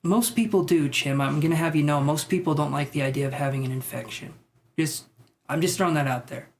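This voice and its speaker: A man with a slightly raised voice gives tarot readings live, musing aloud and pausing often. He hedges his impressions gently and reassures the people watching. A faint background hiss sits under his voice. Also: fairly high pitch. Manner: tentative, musing, thinks aloud with many fillers; reassuring to viewers. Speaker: tarot reader. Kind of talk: live-stream psychic reading.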